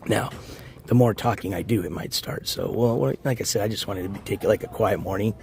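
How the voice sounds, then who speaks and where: Hoarse man streaming live outdoors. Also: on the low side, quick pace, slight background noise. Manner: rambling, shouts out chat viewers. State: hoarse, losing his voice. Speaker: IRL livestreamer. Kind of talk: casual live-stream chat. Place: outdoors at a beach in the morning.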